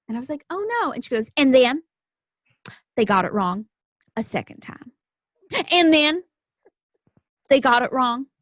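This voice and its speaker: A young woman hosting a podcast, telling stories in a casual, animated way and acting out the voices of the people in them. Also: high-pitched, no echo. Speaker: podcast host. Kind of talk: casual storytelling chat.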